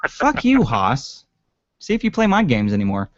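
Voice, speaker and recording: A podcast co-host with a voice on the low side sounds very animated and keeps a moderate pace. He rambles casually about a TV episode with lots of ums and swearing, recorded with a dry, dull lo-fi sound.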